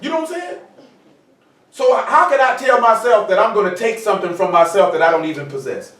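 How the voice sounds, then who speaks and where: A preacher with a high, slightly bright voice and lively intonation teaches an informal sermon at a fairly quick pace. He's conversational and repetitive, often checking whether listeners follow him with "you know what I'm saying." The recording is far off in an echoey room.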